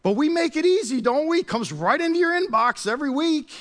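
Animated, high-voiced male pastor. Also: brisk. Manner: animated, chatty storyteller with restarts. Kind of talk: sermon with personal story.

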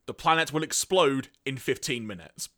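A man doing a deadpan scheming henchman. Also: medium pitch, normal speed. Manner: deadpan, flat. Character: shadowy scheming male robot henchman.

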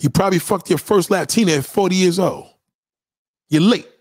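Casting: man with a high, reedy voice, ranting hard into a close dry mic, profane and confrontational. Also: quick pace, slightly rough, dry recording. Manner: profane, confrontational, swings between loud and low. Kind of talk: ranting monologue.

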